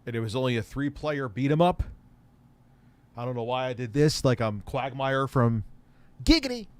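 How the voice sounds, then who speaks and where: Male streamer host, rambling and sweary, mid-pitched, loose casual chat. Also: fairly even intonation, normal speed, darkish tone, smooth. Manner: rambling, profane, mocking. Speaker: livestream host.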